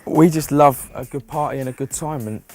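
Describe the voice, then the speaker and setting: A young man from a pop band is cheeky and joking in an interview, speaking fairly quickly in a medium-pitched, slightly mellow voice. Faint music plays behind him.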